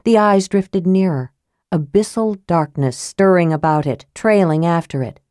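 Low-voiced woman narrating a fantasy tale. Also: dry recording, clean studio sound. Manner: measured, even storytelling. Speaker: audiobook narrator.

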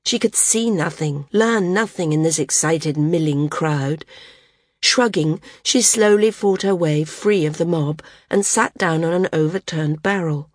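A woman with a deep voice narrates a fantasy novel as an audiobook narrator, reading scripted narration in a measured, even storytelling style. The studio sound is clean, with no room sound.

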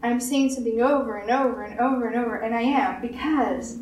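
A woman pastor giving a sermon, with emphatic repetition and quick acted-out quotes. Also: a little high, steady tone, a little mellow. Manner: repetitive emphatic preaching, acts out quoted voices. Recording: roomy echo, distant mic, faint hiss.

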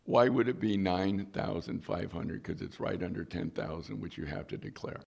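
A man's voice: low voice, normal speed, vocal fry, a little mellow, slightly rough. A middle-aged male pastor preaching a sermon, telling a personal story and acting out the voices in it. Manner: storytelling, acts out quoted voices.

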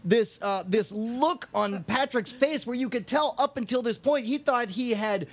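A man's voice: very high-pitched, measured pace. A man in his thirties on a podcast, animatedly retelling a story and laughing often. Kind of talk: casual chat, storytelling.

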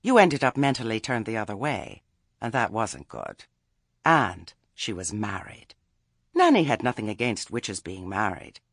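A man's voice: fairly low pitch, very animated, measured pace, fairly bright tone, breathy edge, no room sound, studio quality. A man reading a story aloud as narrator, with a wry telling. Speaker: audiobook narrator. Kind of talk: scripted narration.

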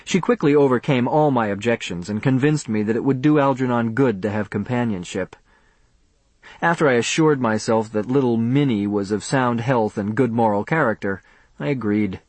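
Quiet male audiobook narrator, dry sound. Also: medium pitch, normal speed, no room sound. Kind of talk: first-person audiobook reading.

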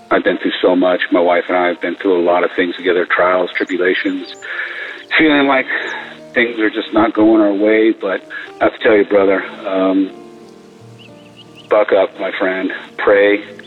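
A man speaks in a low, even voice with little rise and fall, giving earnest, brotherly encouragement. The sound is narrow and tinny, like a phone line. Faint music sits underneath. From California. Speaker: caller. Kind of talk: recorded voicemail to a podcast.

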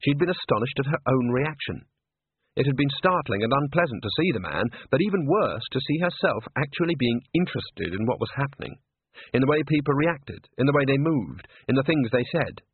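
A man narrating a storybook with an expressive, lively reading. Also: mid-range voice, fairly quick, breathy edge. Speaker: audiobook narrator. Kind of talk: storybook narration with character voices. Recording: tinny phone-like band, dry.

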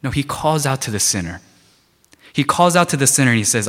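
A man's voice: mid-range voice, lively intonation, a little fast, fairly bright tone. Emphatic male preacher in a reverberant hall. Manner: emphatic, repetitive preaching with rhetorical questions. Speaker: pastor. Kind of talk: sermon. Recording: long reverb of a large hall.

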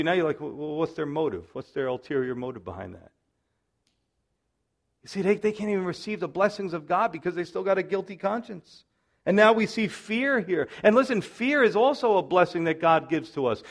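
Animated high-voiced male Bible teacher. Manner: animated, acts out characters' lines with conversational asides. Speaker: pastor.

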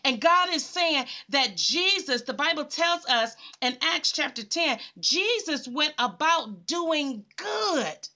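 A woman's voice: high voice, sing-song, slow, few pauses, sharp tone. A woman preaching an encouraging sermon, fervently addressing her listener again and again as her friend. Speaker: evangelist preacher.

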